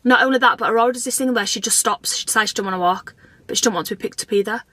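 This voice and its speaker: A family vlogger chats in a rambling, casual way, often putting herself down. Her voice is on the high side, racing and sharp-toned, with no echo.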